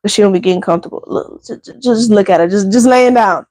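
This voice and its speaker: At home indoors, a woman hosting her channel's casual livestream chats with viewers, calling them y'all. Her mid-range voice is mellow and fast, with no echo.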